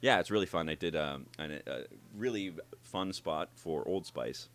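A man who works as a voice actor, talking in an interview and explaining how he builds his characters, animated and demonstrating as he goes. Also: rumbling low, normal speed. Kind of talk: interview conversation.

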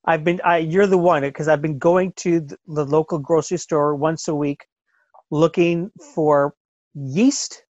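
A man's voice: a little high, steady tone, measured pace, darkish tone, no echo, highs cut off. A man hosting a podcast from his bedroom, upbeat and often stumbling over his words. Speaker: podcast host. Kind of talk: casual podcast chat.

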